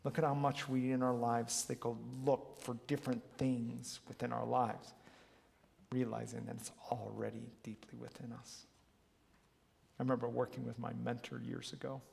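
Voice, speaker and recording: A man coaching a wellness workshop, telling stories with earnest, animated energy. His voice has a gravelly creak, and his words trail off into the long reverb of a large hall. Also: medium pitch, normal speed. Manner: earnest, animated storyteller who acts out quotes. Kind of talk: motivational storytelling talk. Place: large hall, live talk.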